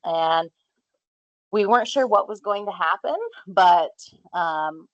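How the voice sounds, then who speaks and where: A woman with a low voice gives a measured, explanatory update at a public meeting. She often pauses on fillers. The sound is dry and a little dull. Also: no room sound. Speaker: clean water division manager presenting at a public meeting.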